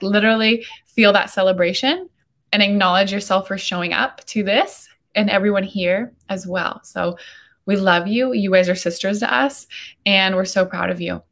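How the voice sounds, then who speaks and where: A woman's voice: mid-range voice, a bit bright. A woman hosting a coaching call on a video call, enthusiastic and affirming. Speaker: host. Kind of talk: coaching talk on a live call.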